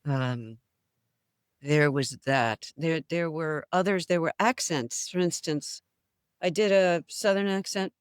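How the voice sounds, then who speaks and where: A woman's voice: sits low, unhurried, clear, resonant tone, no room sound, clean studio sound. An older woman, an actress, talking as a guest in a casual interview, telling stories with animation and frequent laughter. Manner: animated storyteller, laughs often. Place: New England.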